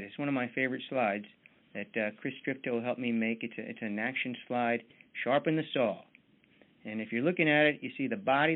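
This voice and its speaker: A man leading a motivational team mentoring call in a folksy, chatty manner, full of fillers, heard over tinny call audio. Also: mid-range voice.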